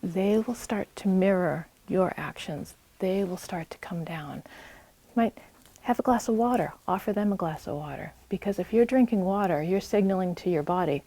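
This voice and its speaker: Woman presenter, New England accent, mellow low voice, earnest advice to an audience, dry sound. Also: normal speed, dry recording. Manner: earnest, reassuring, gives direct advice. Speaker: community health presenter. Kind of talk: public talk to an audience. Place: public library meeting room.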